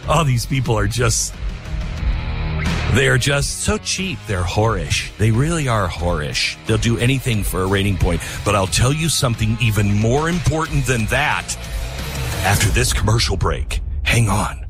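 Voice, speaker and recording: A man's voice: medium pitch, expressive, moderate pace, over music. An older man hosting a talk radio show, rambling through a scattered, self-mocking monologue into a studio microphone.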